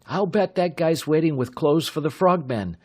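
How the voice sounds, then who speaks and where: A man voicing a bold, quick-witted young pilot, pitched above his narrating voice and louder. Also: breathy edge. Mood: eager. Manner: eager, higher-pitched and louder than the narration.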